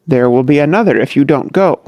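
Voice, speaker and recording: Brief: narrator's voice for a choleric, self-willed dad, blustering with lively swings, dry read. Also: male voice, a little high, brisk, no room sound, close to an everyday voice. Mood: testy, blustering. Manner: blustering, testy. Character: irascible, self-willed older father.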